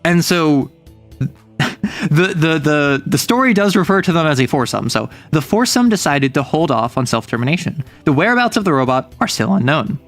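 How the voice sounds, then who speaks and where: A man's voice: on the high side, moderate pace, faint music behind. A man livestreaming in a casual chat, retelling a manga plot with jokes and playful asides. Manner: animated, joking, with playful asides.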